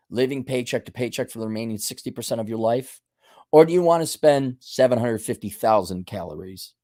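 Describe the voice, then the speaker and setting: A man's voice: medium pitch, mellow, no room sound, clean studio sound. A man hosting his own show, ranting bluntly and scolding listeners, mocking their excuses in put-on voices. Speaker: host. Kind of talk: ranting monologue.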